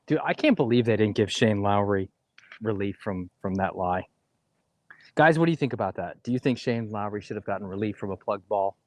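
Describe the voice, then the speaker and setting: A man's voice: lowish voice, animated, fairly quick, no room sound. A man co-hosting a golf livestream, casually chatting and explaining course details while playing outdoors.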